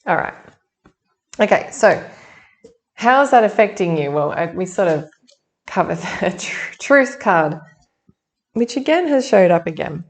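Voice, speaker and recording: Low gravelly lady doing a chatty tarot reading, thinks out loud. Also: expressive, a little slow, long pauses. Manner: chatty, thinks aloud, many restarts. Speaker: tarot reader. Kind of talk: casual monthly tarot reading.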